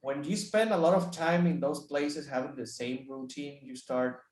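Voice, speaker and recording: A man from Mexico, a teacher chatting as a guest, halting and repeating words as he tells stories. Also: fairly high pitch, steady tone, darkish tone. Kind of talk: casual chat. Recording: roomy echo.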